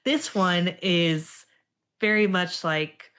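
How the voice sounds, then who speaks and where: A woman with a fairly low voice co-hosts a podcast. She speaks in a relaxed, agreeable way and adds short affirmations often. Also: extremely slow. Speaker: podcast co-host. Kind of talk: casual chat.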